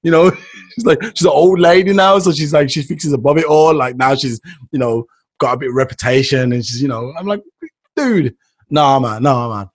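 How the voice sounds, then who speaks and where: A man's voice: mid-range voice, normal speed. A man co-hosting a podcast in casual chat, laid-back and teasing. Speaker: podcast co-host.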